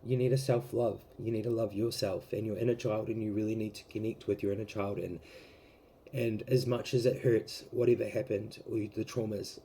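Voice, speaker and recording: A man giving a casual tarot reading to camera, rambling with many fillers and gently emotional, close to tears. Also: on the low side, gravelly, slight background noise. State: teary, close to crying. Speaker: tarot reader.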